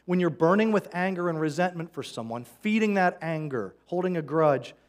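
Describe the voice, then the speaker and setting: Brief Male pastor, fairly high voice, earnest, conversational sermon delivery. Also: animated, moderate pace. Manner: earnest, conversational preaching with quoted scripture. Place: church sanctuary.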